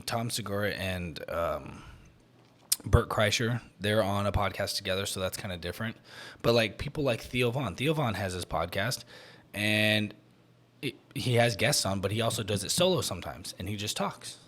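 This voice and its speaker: A young man hosting a casual solo podcast, rambling and joking, getting loud when he goofs around. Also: on the low side. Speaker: podcast host. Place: small home podcast room.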